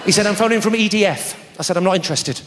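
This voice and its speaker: A man doing live stand-up comedy, telling a sarcastic story in an animated way with shouted punchlines. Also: high-pitched, racing. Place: large theatre stage with audience. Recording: live hall recording with reverb and crowd noise.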